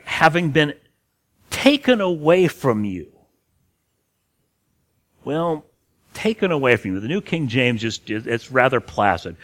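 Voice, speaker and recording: A man's voice: fairly high pitch, a bit bright. A man teaching a passage of scripture in an earnest way, stressing key words and sometimes restarting phrases. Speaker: preacher. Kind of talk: expository Bible teaching.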